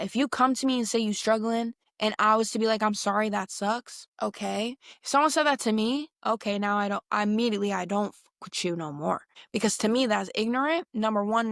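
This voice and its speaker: Young woman podcast host, blunt and slangy, mid-pitched voice, dry close sound. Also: dry recording. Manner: blunt, animated, slangy and conversational. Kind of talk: casual solo podcast monologue.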